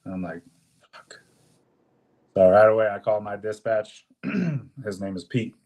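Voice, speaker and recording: A young man co-hosting a podcast, telling a work story in a casual, animated way, swearing often and acting out what people said. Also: fairly low pitch, unhurried. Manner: animated, profane, swears often, acts out quotes. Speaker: podcast co-host.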